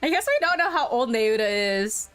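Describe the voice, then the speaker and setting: A woman's voice: fairly high pitch, big pitch swings, moderate pace, a bit bright, smooth, faint music behind. Chatty woman streamer reading a game story. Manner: chatty, reads narration aloud and reacts.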